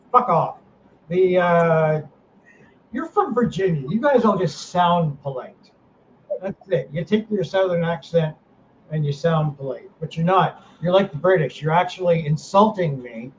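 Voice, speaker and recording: A middle-aged man in a podcast chat whose fairly high voice swings around, ranting with heat and swearing freely. The sound is slightly dull, with a faint hiss behind it. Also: darkish tone. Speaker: paranormal team director, host.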